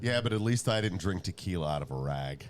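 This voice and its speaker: A man's voice: low voice, expressive, fast talker. A man co-hosting a podcast, chiming in with short teasing remarks in casual chat. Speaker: podcast co-host.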